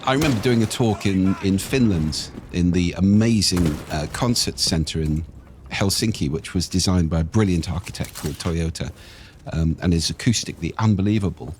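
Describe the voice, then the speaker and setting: An older man with a husky voice, explaining speaking technique in a lively, expressive conversational way. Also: low voice, moderate pace, a little hiss or hum. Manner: animated, expressive intonation. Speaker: voice coach guest.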